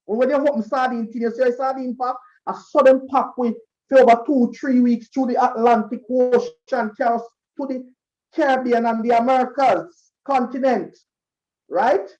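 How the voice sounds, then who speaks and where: A man with a Jamaican accent and a very high voice emcees a school concert, addressing the students as a lively storyteller who acts out the voices he quotes. He speaks at a moderate pace, and the recording is muffled.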